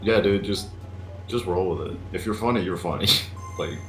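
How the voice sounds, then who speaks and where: Low goofy young man in an echoey room. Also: normal speed, a bit bright, faint music behind. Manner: playful, goofy, mock-grand. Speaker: co-player on a stream. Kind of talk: casual gaming chat over voice call.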